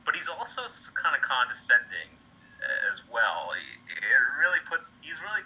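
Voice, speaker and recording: A man's voice: mid-range voice, huge pitch swings, moderate pace, gravelly, pushed and bright, low-quality recording. A man in a casual book chat, analyzing a character thoughtfully with hesitant phrasing. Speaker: podcast co-host.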